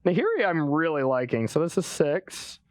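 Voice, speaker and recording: A man's voice: a little high, very animated, no echo. A man playing a card game match on a show, chatting casually and agreeing often with his opponent. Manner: upbeat, quick agreeing interjections. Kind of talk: casual banter while playing.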